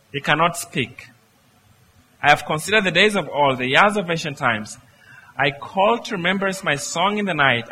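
A man's voice: high voice, bright, forceful tone, slight background noise, low-quality recording. A man preaching a sermon, reading scripture aloud and explaining it with rhetorical questions.

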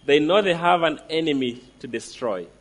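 A man preaching a sermon, emphatic, slowing down to stress declarations and asking the listeners direct questions. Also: fairly high pitch, expressive.

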